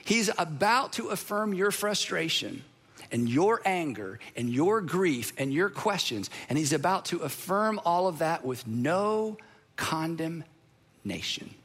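A man preaching a sermon as pastor, earnest and emphatic, with dramatic pauses and sudden drops to a hush. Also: fairly high pitch, big pitch swings, slightly rough.

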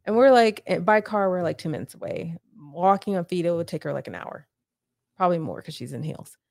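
A woman's voice: lowish voice, animated, fairly quick, creaky, darkish tone, dry recording, studio quality. A woman as a podcast guest, retelling a painful family story in a blunt, profane way with rising urgency. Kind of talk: emotional personal storytelling.

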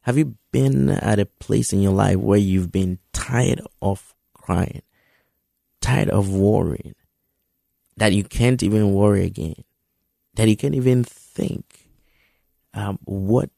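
A man preaching a sermon in an earnest, encouraging way, often halting and repeating words as he restarts his sentences. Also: fairly low pitch, gravelly, dark tone, no echo, studio quality.

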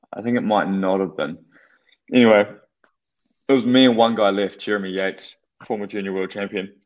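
A New man, a former racing cyclist, telling a rambling, laugh-filled, profane story in a casual podcast chat. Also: lowish voice. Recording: dull lo-fi sound.

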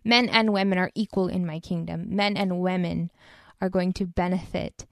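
A woman's voice: on the low side, steady tone, normal speed, vocal fry, fairly bright tone, no echo, clean studio sound. A woman co-hosting a faith podcast, explaining Bible verses in an earnest, conversational way. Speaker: podcast co-host. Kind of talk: casual faith podcast discussion.

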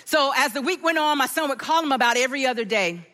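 A middle-aged woman preaching a sermon, telling a personal story with animated delivery and acting out the voices of others. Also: sits high, quick pace, long reverb tail. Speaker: pastor.

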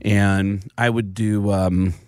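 A male comedian in a studio telling lively stories, quick and animated, dropping into voices as he goes. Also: fairly low pitch, dry recording. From the Bronx, New York. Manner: lively, fast, slips into voices mid-story. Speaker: comedian and voice actor guest. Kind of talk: animated storytelling chat.

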